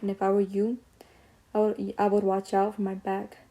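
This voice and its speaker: A woman's voice: mid-range voice, monotone, moderate pace, dark tone, natural voice. A woman muttering as a menacing man. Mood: threatening. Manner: muttered, half-whispered. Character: menacing adult man making low, quiet threats.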